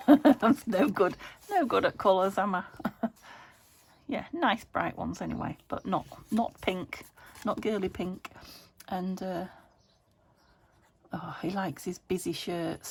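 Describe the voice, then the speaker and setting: A woman's voice: lowish voice, vocal fry, a little hiss or hum. A British woman chatting casually in a crafting vlog, rambling and murmuring to herself as she works. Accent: British English. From United Kingdom. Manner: rambling, chatty, drifts into murmurs while working. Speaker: junk journal crafter.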